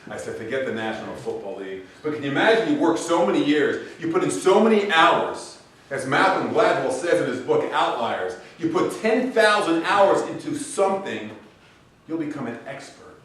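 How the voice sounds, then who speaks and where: A middle-aged man giving a graduation speech, an animated storyteller who acts out the people he quotes. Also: a little high, normal speed. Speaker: commencement speaker. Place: large event hall. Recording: echoey hall, voice from far off.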